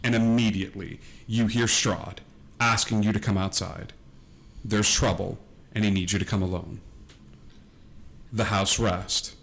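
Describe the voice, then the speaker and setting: A man runs a tabletop game, narrating with a lowish voice. He meanders, padding his lines with fillers and restarts. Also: steady tone, measured pace, creaky, long pauses, fairly bright tone. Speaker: game master.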